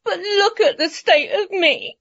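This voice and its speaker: A woman's voice: very high-pitched, animated, a little slow, fairly bright tone, heavily acted. A woman playing a fussy, vain princess past her prime in an amateur radio play, prissy and complaining. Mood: self-pitying. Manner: prissy, grumbling, posh. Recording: slightly muffled radio play recording.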